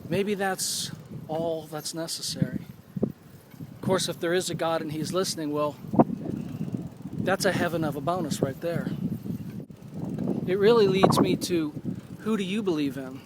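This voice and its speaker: A man in his forties talking earnestly and thoughtfully in a personal video blog, pausing and restarting as he goes. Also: on the high side, heavy background noise. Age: 40s. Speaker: vlogger. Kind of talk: reflective personal vlog monologue.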